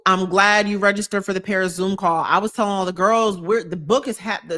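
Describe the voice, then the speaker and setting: A woman's voice: mid-range voice, a little fast, few pauses. Woman on a live stream, gushy and chatty, talks to viewers like girlfriends. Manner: gushing, animated, reads out viewer comments. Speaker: vlogger hosting a live chat. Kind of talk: casual live-stream chat.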